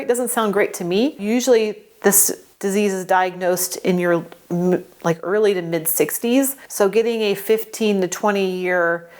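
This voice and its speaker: A woman in her forties talking earnestly in a personal vlog, halting and restarting often, emotional and close to tears at times. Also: mid-range voice. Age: 40s. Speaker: vlogger sharing a health update. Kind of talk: personal vlog talk to camera.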